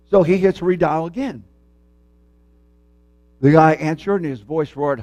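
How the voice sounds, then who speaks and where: Man, preacher, sermon, folksy and earnest, higher voice, dry sound. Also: a little mellow, no room sound. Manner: folksy storytelling, measured, earnest. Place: church sanctuary.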